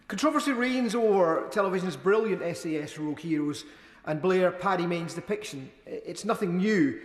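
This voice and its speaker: Brief: male MP, fairly high voice, wry measured oratory, echoey chamber with long reverb. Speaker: member of parliament. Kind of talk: parliamentary debate speech. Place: debating chamber.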